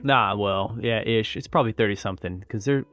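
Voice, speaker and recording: A man's voice: fairly low pitch, a bit bright, faint music behind. Joking podcast sidekick man. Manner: quick joking interjections. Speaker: podcast co-host. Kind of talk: casual chat.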